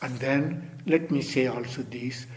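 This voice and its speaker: A man giving an unhurried dharma talk as a Zen teacher, padding with "you see" and "sort of", repeating phrases, and trailing to a near-whisper at phrase ends. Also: medium pitch, slight background noise.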